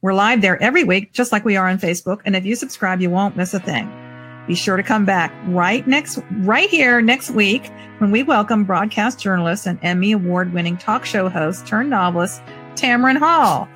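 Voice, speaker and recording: A woman's voice: medium pitch, normal speed, a bit bright, soft background music. A woman hosting a live talk show, upbeat and keeping things moving. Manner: upbeat, moves things along. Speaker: host.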